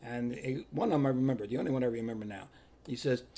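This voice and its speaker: An older man, a priest telling personal stories in an animated way, acting out what people said. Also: mid-range voice, fast. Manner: animated, repeats himself, acts out quotes. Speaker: Catholic priest. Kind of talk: personal storytelling.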